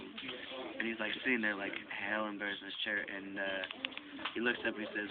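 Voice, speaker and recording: A man's voice: on the low side, a little fast, phone-quality sound, a loud crowd. Rambling teen guy telling stories. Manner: rambling storyteller, laughs a lot. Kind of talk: casual chat. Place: classroom during a dissection.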